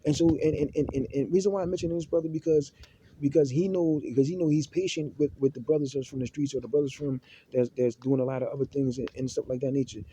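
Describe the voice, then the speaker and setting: A Muslim man gives religious advice in an unscripted monologue, stumbling through many restarts and repeated words while mixing in Arabic terms. His medium-pitched voice is warm and fast with fairly even intonation, over slight background noise.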